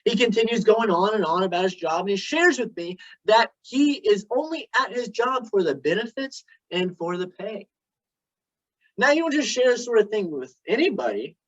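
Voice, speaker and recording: A man's voice: sits high, animated. Man giving a storytelling speech. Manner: storytelling, dramatic pauses. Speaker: club speaker. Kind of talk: prepared speech. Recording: dull lo-fi recording.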